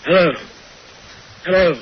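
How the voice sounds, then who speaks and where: A man's voice: high-pitched, steady tone, a little slow, dull audio, slight background noise. A man calling into a radio show, campy and theatrical, boasting and joking. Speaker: caller. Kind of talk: radio phone-in banter.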